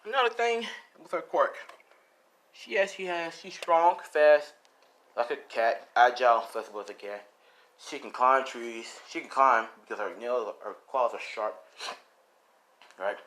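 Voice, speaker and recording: A man's voice: mid-range voice, animated, unhurried, fairly bright tone. A young man casually improvising a story, rambling with lots of "like" and "you know".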